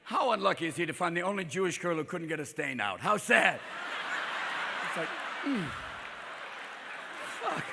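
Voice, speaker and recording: A man doing a live stand-up set, manic and profane, jumping in and out of quick impressions. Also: high-pitched, very animated, creaky, pushed and bright. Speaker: stand-up comedian. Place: on stage before a live audience. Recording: live crowd laughter, noisy hall.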